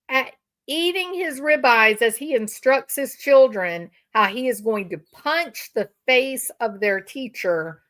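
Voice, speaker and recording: Older woman commentator, slow deliberate talk, sarcastic and indignant tone. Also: fairly high pitch, expressive, fairly bright tone. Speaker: commentary channel host. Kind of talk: reaction commentary to live-stream chat.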